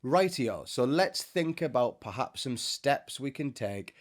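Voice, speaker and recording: Man, informal spiritual talk, seated indoors facing a camera, conversational, joking asides, medium pitch. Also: lively intonation, unhurried. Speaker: Christian speaker. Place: indoors, sitting before a bright camera.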